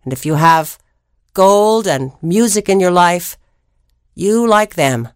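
A woman storyteller spins a fairy tale at a slow, unhurried pace. She is expressive and dramatic, with long pauses and playful sound effects, recorded dry and close. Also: on the low side, clean tone, dry recording. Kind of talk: oral storytelling.

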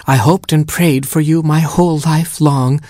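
A man voicing a fussy, fretful female baboon queen in a storybook, with a high, anxious and whiny voice. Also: fairly even intonation, unhurried, a little mellow, no echo, studio quality, lightly acted. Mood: excited.

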